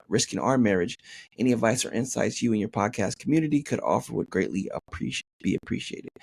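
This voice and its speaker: A man's voice: mid-range voice, creaky, darkish tone, husky, dry recording, studio quality. A man hosting a podcast, reading a listener's email aloud and riffing on it in a joking, profane way, saying "man" constantly. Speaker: podcast host.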